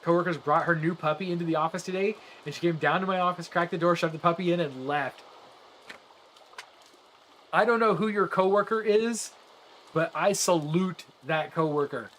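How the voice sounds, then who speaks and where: Man, game streamer, casual chat with viewers, earnest, rambling, restarts sentences, somewhat high voice. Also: moderate pace, a bit bright, a little hiss or hum. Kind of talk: casual chat with live viewers while gaming.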